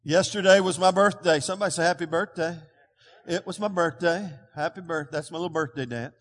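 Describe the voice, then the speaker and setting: A man preaches from the pulpit, his voice sitting high for a man. He calls out for answers from the congregation and moves between booming declarations and hushed asides, while a long reverb from the big church hall trails every phrase. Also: fairly quick. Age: 60s. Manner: preaching with call-and-response, swinging between loud proclamations and quiet asides. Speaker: pastor. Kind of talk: sermon. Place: church sanctuary.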